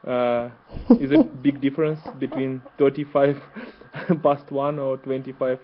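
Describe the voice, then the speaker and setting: Hesitant man speaking flatly on a call. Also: mid-range voice, a little slow. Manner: hesitant, many uhs. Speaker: student. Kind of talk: answering in an online class. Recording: muffled call audio with faint noise.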